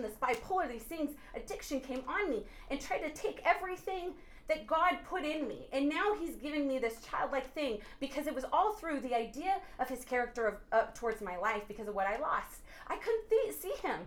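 A woman on a podcast sharing an animated faith testimony, earnest and preachy, often bursting into laughter and exclamations. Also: sits high. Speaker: podcast guest. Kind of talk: excited faith testimony chat.

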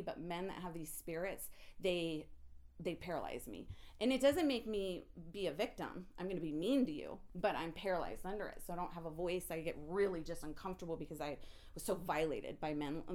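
A woman telling an emotional personal story in an intense, animated way, often restarting her sentences. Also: on the low side, a little fast.

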